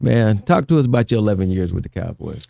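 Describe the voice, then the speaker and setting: A man's voice: fairly low pitch, sing-song, fast talker, gravelly, dark tone, dry recording, studio quality. A male talk show host asking easygoing questions in a casual, conversational interview.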